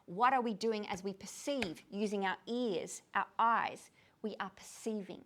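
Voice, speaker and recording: A woman's voice: mid-range voice, measured pace, a little hiss or hum. A tired woman leading a poetry discussion, asking her audience lots of questions in an informal lecture to a room of people. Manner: animated, asks the audience many questions.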